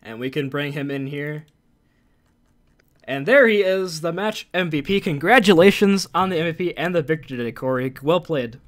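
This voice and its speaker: A man doing play-by-play commentary as an esports caster, excitable and rising to shouts on big plays. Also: fairly high pitch, moderate pace.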